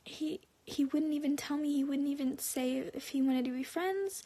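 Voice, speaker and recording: High, creaky-voiced woman rambling. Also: fairly even intonation, normal speed, few pauses, warm tone. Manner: rambling, full of "like" and restarts. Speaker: livestreamer. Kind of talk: casual storytelling on a live stream.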